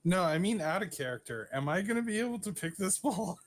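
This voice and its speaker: A man's voice: high voice, big pitch swings, brisk. A man taking part as a player in a tabletop role-playing game, talking in a wry, joking way. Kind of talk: casual tabletop game play.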